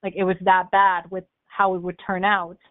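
A woman's voice: on the low side, normal speed, dry recording. A young woman, a podcast guest, telling stories casually with lots of fillers and laughter. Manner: animated storyteller who laughs often, with fillers like "like" and "um". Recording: tinny phone-like line.

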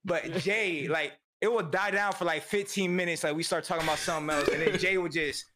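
A man guesting on a podcast, telling stories in an animated, slang-heavy way. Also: fairly high pitch, fairly quick. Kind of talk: casual chat. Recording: crowd noise behind.

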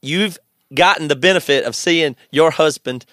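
A man's voice: a little high, moderate pace, fairly bright tone, no echo, clean studio sound. A man co-hosting a podcast, trading teasing jokes with his friends. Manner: teasing, joking banter. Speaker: podcast co-host. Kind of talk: casual chat.

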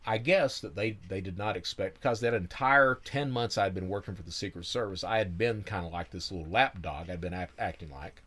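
A man's voice: low voice, animated, brisk, a bit bright. A man telling his own story in a casual, wry way, laughing now and then and swearing freely.

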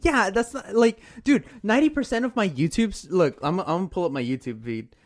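Seorang pria muda yang mengobrol santai sebagai co-host, sering tertawa dan banyak kata pengisi. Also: male voice, high-pitched, animated, brisk. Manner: chatty, lots of fillers, laughs often. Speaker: podcast co-host. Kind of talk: casual chat.

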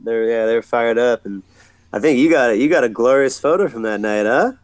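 Skater guest, thirties, laid-back slangy talker, smooth resonant voice, dry close sound. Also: male voice, mid-range voice, lively intonation, a little fast, dry recording. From San Diego. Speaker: podcast guest, pro skateboarder. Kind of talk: casual storytelling chat.

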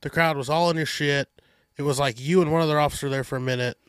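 A man hosting a podcast, telling stories in a casual, animated, profane way. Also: fairly high pitch, fast, clear, resonant tone, dry recording. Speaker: podcast host. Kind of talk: casual chat.

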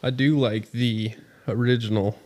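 A man's voice: medium pitch, steady tone, a little slow, a little mellow. A man who is a guest on a podcast, chatting in a laid-back, playful way. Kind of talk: casual chat.

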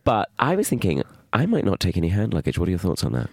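A middle-aged man co-hosting a comedy podcast, chatting casually in a teasing, wry way with drawn-out emphasis. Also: low-pitched, wildly swooping pitch, creaky, a little mellow, no echo, studio quality.

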